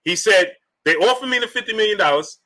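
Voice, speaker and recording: Bright-voiced man hosting a live stream. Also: sits high, lively intonation, fast talker. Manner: rhetorical, repeats questions to the chat. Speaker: boxing talk show host. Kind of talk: live-stream commentary reading super chats.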